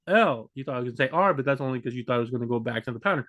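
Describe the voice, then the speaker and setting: A man's voice: mid-range voice, lively intonation, very fast, few pauses, fairly bright tone, dull audio. A man, a language learning vlogger, talking unscripted to camera in a rambling way, restarting sentences and acting out confused learners. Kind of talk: unscripted casual talk to camera.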